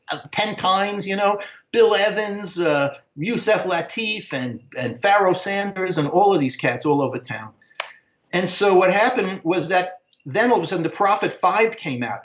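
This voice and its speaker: Older american man, slightly high voice, rambling slangy storytelling, roomy dull stream audio. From United States. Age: 60s. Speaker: interview guest. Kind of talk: casual storytelling.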